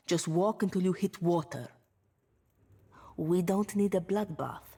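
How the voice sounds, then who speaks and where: An actress voicing a tired, stern town watch commander who speaks in a curt, measured way. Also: female voice, fairly low pitch, vocal fry, darkish tone. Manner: curt, measured, weary authority.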